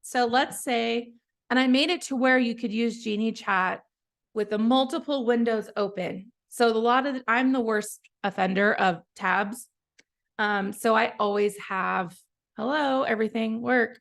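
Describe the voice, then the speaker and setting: Chatty woman with a gravelly voice. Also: a little high, unhurried, a bit bright. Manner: chatty, encouraging, trails off and restarts. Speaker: app founder giving a product walkthrough. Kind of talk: casual live software tutorial.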